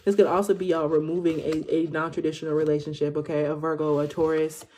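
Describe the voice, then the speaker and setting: Low-voiced and mellow, this woman in her twenties speaks fast but keeps a level tone. She's a tarot reader doing a laid-back live session, slangy and informal, with "okay?" tacked onto nearly every line.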